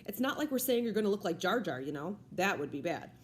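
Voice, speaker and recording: A woman's voice: medium pitch, sing-song, quick pace, a little hiss or hum, natural voice. A woman voicing a friendly, joking male ear doctor who reassures a child. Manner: jokey, reassuring.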